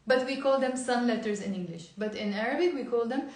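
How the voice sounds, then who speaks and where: A woman's voice: fairly high pitch, a little fast, a little mellow, reverberant. A woman teaching a live online language lesson, chatty and encouraging, coaxing viewers to repeat words aloud. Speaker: Lebanese Arabic teacher. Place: indoor room at a whiteboard.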